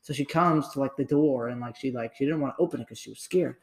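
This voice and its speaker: Gravelly young man telling a rambling story. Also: medium pitch, fast talker. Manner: rambling, heavy on "like" and restarts. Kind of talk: casual storytelling chat.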